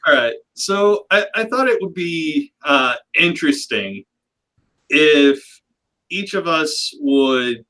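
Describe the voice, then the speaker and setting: A man's voice: fairly high pitch, expressive, slow pace, sharp tone, rough recording. A man hosting a livestream panel in casual chat, talking loosely and rambling with a self-deprecating humor. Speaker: livestream host.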